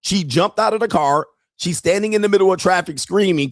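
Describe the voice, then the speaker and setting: A man hosting a dating talk show, commenting casually on a viral clip with crude jokes, laughing and getting excited. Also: high-pitched, brisk, few pauses, no room sound, studio quality. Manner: crude joking, laughs at his own lines; excitable, rising into shouts.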